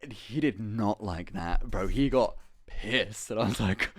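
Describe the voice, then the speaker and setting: A young man, streaming live and telling a story in an animated, rambling way, swearing often and breaking off into asides. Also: lowish voice, a little slow. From England. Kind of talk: casual storytelling to a live chat.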